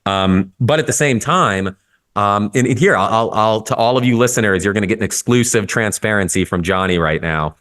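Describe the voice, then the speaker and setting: A man talking candidly in a casual podcast conversation, telling stories with frequent swearing and lively shifts in tone. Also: fairly low pitch, a little fast. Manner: candid, profane, storytelling, lively. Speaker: guest photographer.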